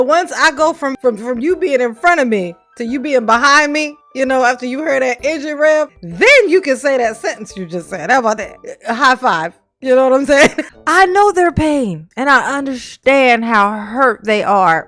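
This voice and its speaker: A woman's voice: sits high, fairly bright tone. A woman host giving casual, sarcastic commentary as she reads a letter aloud, laughing often and firing off rhetorical questions. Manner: mocking, laughs often, reads lines aloud then reacts; colloquial and chatty, asks rhetorical questions. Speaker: channel host reading and reacting to a letter.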